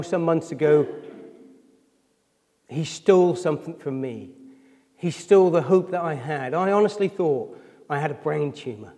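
Pastor guy preaching, emotional, keeps asking the church questions, high voice, echoey hall. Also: darkish tone. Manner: emotional, prone to tears; asks the congregation questions. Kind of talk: sermon.

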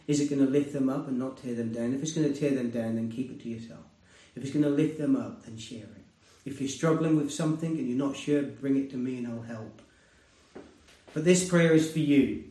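A man preaching a sermon and sharing a personal testimony, earnest and conversational, rising to loud emphasis and dropping to hushed tones. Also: mid-range voice, fairly quick. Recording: roomy, distant mic.

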